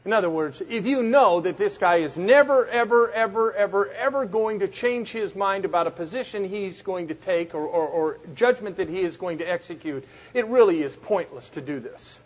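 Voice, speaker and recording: A man's voice: high-pitched, normal speed, few pauses. A man teaching a Bible study, reading scripture aloud with dramatic emphasis and explaining it in a conversational way. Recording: dull lo-fi recording.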